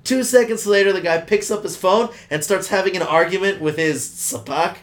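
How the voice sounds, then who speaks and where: A man hosting a podcast, telling a family story in an animated, profane way and acting out the people in it. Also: high-pitched, moderate pace. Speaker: podcast host. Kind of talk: casual storytelling chat.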